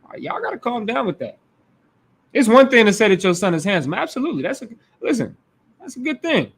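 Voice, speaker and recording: A man's voice: high-pitched, very animated, quick pace, creaky, slightly rough. A man leading a Bible class, preaching in a blunt, emphatic way with crude language.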